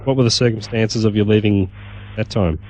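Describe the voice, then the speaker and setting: A man's voice: lowish voice, fairly even intonation, brisk, dark tone, low-quality recording. Australian man asking brief questions. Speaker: radio interviewer.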